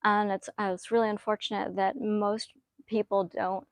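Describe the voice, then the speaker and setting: A woman hosting a live-stream question and answer session, speaking earnestly and often pausing with fillers as she reads comments. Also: mid-range voice, flat delivery, no echo. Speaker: host answering viewer questions.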